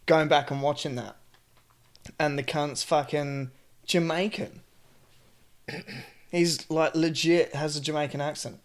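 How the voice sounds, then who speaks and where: A man's voice: fairly high pitch, fairly even intonation, slow, long pauses. An Australian man co-hosting a podcast in casual chat, swearing often and trailing off mid-sentence. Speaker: podcast co-host.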